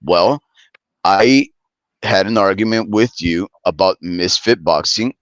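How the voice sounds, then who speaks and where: A man's voice: deep voice, slow pace, dry recording, highs cut off. A man hosting a casual boxing podcast, explaining his views at length in a rambling way. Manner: rambling, many fillers and restarts, explanatory.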